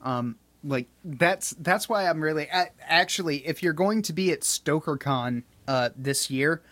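A man's voice: a little high, measured pace, a bit bright, dry recording. Blunt profane man, dry close sound. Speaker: podcast host and author. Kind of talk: casual podcast chat.

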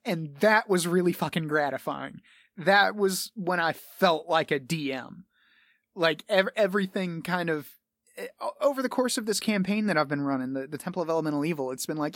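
Youngish guy rambling on his podcast, bit higher voice, swears n laughs a lot, dry close mic. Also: fairly quick, fairly bright tone, dry recording. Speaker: podcast host. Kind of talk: casual podcast monologue.

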